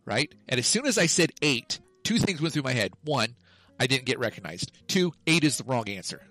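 With a mid-range, sing-song, pushed and bright voice, a male comedy podcast co-host talks briskly through a long story. He keeps correcting himself, loses the thread, and laughs at himself, over soft background music and poor audio.

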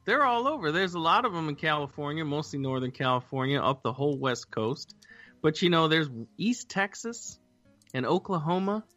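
An easygoing American man talks in a relaxed, drawling way. His voice is bright and forward, and soft music plays behind him. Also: a little high, moderate pace, dry recording. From United States. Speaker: guest, Sasquatch hunter. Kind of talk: casual chat.

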